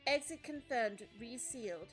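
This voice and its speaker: A woman voicing a female combat android, reading in a flat, mechanical monotone with a put-on accent. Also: on the high side, a little slow, over loud music. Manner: monotone report-style delivery. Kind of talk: fan voice-over of a game.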